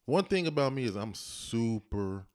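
A man's voice: medium pitch, big pitch swings, unhurried, a little mellow, clear, resonant tone. A man in casual conversation, animatedly telling a story and acting out the voices of the people in it. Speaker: husband telling his story.

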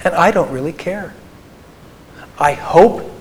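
Earnest folksy man, higher-pitched voice. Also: unhurried. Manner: folksy, earnest, drops to soft confessional tones. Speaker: Christian counselor speaking to an audience. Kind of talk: personal talk with stories to a live audience.

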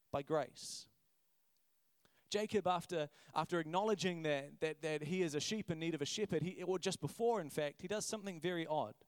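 A man in his thirties preaching a sermon, animated and acting out voices. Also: high-pitched, clear, resonant tone, no room sound. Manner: animated, acts out quoted voices, repeats words when emphatic. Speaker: pastor.

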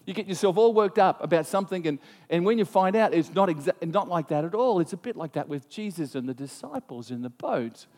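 A man preaching a sermon, telling a story in an animated way with frequent restarts. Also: high voice, a little fast, hardly any pauses, in a large hall. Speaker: pastor.

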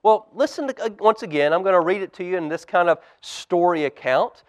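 A man, a pastor, reading a storybook aloud to children at a church service, animated and dropping to a hush for suspense. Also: high-pitched, fairly quick, dry recording, clean studio sound.

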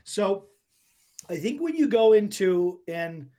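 A man's voice: sits high, sing-song, takes it slowly, warm tone. A man, a performance coach, explaining his ideas emphatically as a podcast guest. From United States. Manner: emphatic teacherly explaining, asks if it makes sense.

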